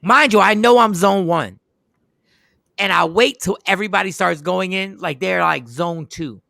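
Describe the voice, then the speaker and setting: A high-pitched man with a gravelly edge hosts a casual talk show. His tone is bright and sharp, and the recording is close and dry. He tells stories with lots of animation and acts out each scene. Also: normal speed, dry recording. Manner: animated storyteller, acts out scenes, laughs often. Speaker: podcast host. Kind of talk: casual chat.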